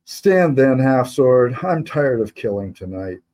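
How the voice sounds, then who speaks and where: A man voicing a rough, weary male soldier who speaks with low, hissing menace, in an audiobook read by its author. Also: big pitch swings, measured pace, a little mellow. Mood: menacing.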